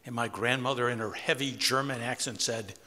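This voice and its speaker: A man's voice: mid-range voice, a little fast, pushed and bright. A man in his sixties telling a personal story to a live audience in an easygoing, wry, conversational way. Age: 60s. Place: community center hall with audience. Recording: long hall reverb.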